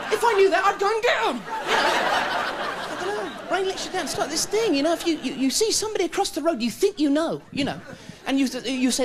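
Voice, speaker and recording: A young male comedian performs stand-up on a TV studio stage, his voice pitched high and swooping wildly as he stammers and panics through each bit. Loud audience laughter and studio noise surround him. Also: animated, quick pace, a loud crowd. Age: young adult.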